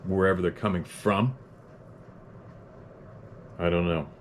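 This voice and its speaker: A man with a fairly low voice hosts an unscripted podcast, ranting bluntly and cursing freely. Between his tirades he chuckles at himself and reads out listener letters, with a faint hum of ambience behind him. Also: fairly even intonation, slow pace. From Canada. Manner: blunt, profane, heated ranting; self-deprecating chuckles.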